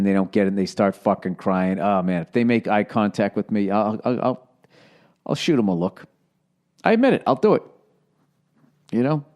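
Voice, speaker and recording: This fairly low, slightly mellow voice belongs to a Boston-accented podcast host in his forties. Alone at the mic, he tells rambling, sarcastic stories packed with profanity in a casual style.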